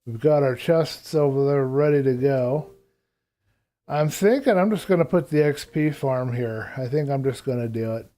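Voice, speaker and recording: Mellow-voiced man thinking aloud. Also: mid-range voice, moderate pace. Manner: thinks aloud while planning; rambling, casual. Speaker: streamer. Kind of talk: live gameplay commentary.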